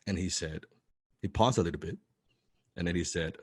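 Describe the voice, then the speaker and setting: A man telling a personal story to an audience, excitable and swearing freely, full of restarts and "right?" tags. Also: low voice, brisk, long pauses, slightly rough, no echo, clean studio sound. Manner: restarts and repeats words often. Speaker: motivational speaker telling his story. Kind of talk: animated storytelling talk.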